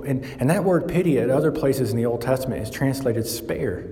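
A man preaching a sermon, turning lively and louder as he builds his points. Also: fairly quick. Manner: animated, rising in pitch and volume when building a point. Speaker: pastor. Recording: echoey church hall with long reverb.

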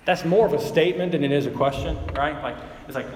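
Recorded from afar in a reverberant hall, this pastor delivers a chatty sermon at a quick pace, his high-leaning voice a little mellow. He leans on fillers such as "like" and "right?", and a slight hiss or hum runs underneath.

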